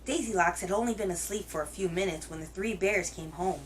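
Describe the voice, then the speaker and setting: A woman hosting a children's reading show, telling a picture book aloud in a gentle, expressive way. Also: fairly low pitch, fairly quick, a little hiss or hum, poor audio. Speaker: children's story reader, host.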